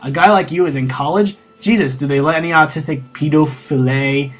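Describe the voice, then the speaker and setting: A man's voice: fairly high pitch, fairly quick, soft background music. A young man giving mocking, incredulous commentary, stammering and restarting his sentences. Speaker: co-host of a ranting video.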